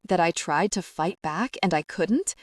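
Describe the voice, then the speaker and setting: A woman's voice: on the low side, expressive, measured pace, dry recording, studio quality. A woman reading the lines of an anguished young man confessing old trauma, in a strained, choked voice. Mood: bitter. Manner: strained, choked, hissing delivery. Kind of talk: audiobook character reading.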